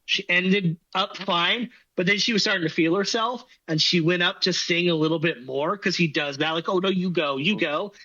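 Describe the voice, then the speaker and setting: A man's voice: sits high, brisk, hardly any pauses, pushed and bright, muffled recording. A man co-hosting a sports podcast, telling stories in a rambling, filler-heavy, self-deprecating way. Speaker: podcast co-host. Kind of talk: casual storytelling chat.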